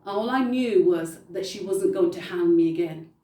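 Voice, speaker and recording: Speaking at a normal pace with a warm, lowish voice, a woman from the UK preaches a testimony sermon and tells her story through emphatic repetition. There's a roomy echo from the distant microphone.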